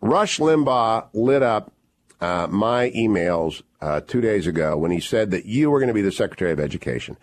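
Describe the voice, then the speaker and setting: Energetic male radio talk host. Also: on the low side. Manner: energetic, promotional, quick asides.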